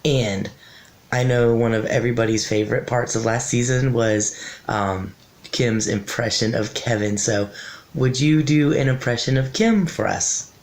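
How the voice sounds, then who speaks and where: A woman's voice: rumbling low, unhurried, darkish tone. A woman from North Carolina asks a recorded question as a viewer, polite and a little hesitant.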